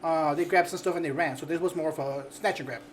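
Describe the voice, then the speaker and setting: A man hosting a podcast, telling an animated work story with swearing and bursts of laughter. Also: fairly high pitch, quick pace, slight background noise. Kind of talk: casual chat.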